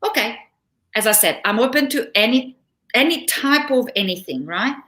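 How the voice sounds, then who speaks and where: A middle-aged woman guest, a relationship coach, talks through personal stories in a casual interview. Her voice is bright and ringing, and she laughs easily as she goes. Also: fairly high pitch, moderate pace. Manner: animated storytelling, laughs often.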